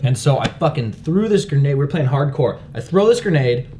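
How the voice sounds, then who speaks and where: A young man co-hosting a casual chat show, joking crudely and telling animated stories. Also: fairly high pitch, a little fast, slight background noise. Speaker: podcast co-host.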